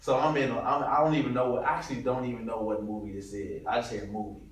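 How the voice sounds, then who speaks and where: Animated slangy man, very echoey. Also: mid-range voice, fast talker, slight background noise. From Detroit. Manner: animated, slangy, laughing storyteller. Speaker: guest comedian. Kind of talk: casual storytelling interview. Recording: very echoey room, far from mic.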